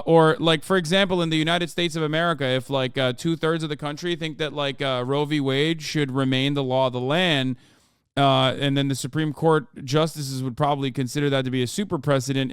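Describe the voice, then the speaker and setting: Man in his 30s, Turkish native, streamer; sarcastic, animated profane commentary, smooth clear tone. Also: on the high side, a little fast, dry recording, clean studio sound. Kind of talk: casual livestream reaction commentary.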